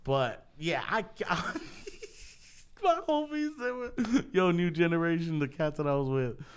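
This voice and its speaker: A man spins a rowdy story on a podcast, his voice sitting a little higher than most men's. He swears constantly, breaks into laughter, and slips into quick impressions of the people he describes. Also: smooth. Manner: profane, laughing storyteller, animated quoting. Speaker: podcast host. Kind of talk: casual storytelling.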